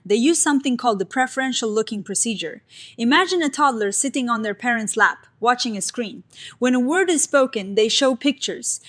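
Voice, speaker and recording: Woman w a fairly high voice reading a science explainer script, clear and even.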